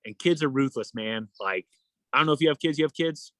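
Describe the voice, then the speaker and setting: A man's voice: mid-range voice, brisk, no room sound. Young guy telling a story on a podcast, acts out the quotes, dry close mic. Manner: animated, acts out quoted dialogue. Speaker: guest, endurance athlete. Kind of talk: casual storytelling interview.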